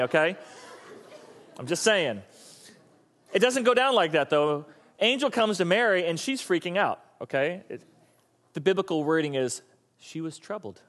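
A man pastor giving a casual, animated sermon, talking to his audience and asking them questions. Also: high voice.

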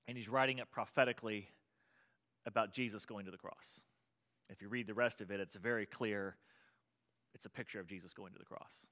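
Male pastor, bright tone, sermon delivery with big swings between fervent pleading and quiet teaching. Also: fairly low pitch. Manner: swings from loud impassioned pleading to quiet explaining.

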